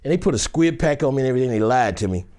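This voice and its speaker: Animated male actor telling a dramatic story. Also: mid-range voice, rapid-fire. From Detroit. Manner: vivid, dramatic, acts out scenes with shifting voices.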